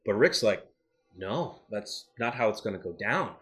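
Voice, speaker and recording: Animated man chatting casually. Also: fairly low pitch, unhurried. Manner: animated, acts out character lines. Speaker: show co-host. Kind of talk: casual review chat.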